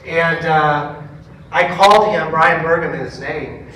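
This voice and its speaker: Chatty pastor in an echoey room. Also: male voice, fairly high pitch, measured pace, slight background noise. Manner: chatty storytelling, animated quoted dialogue. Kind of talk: casual talk to a church forum. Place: church meeting room. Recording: echoey room, mic at a distance.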